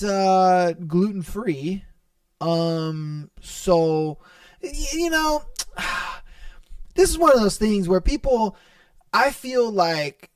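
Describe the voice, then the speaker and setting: A man's voice: sits high, dry recording, recorded from a distance. A young man hosting a podcast, telling funny customer stories in a casual, profane way and laughing as he goes. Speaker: podcast host. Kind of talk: casual storytelling monologue.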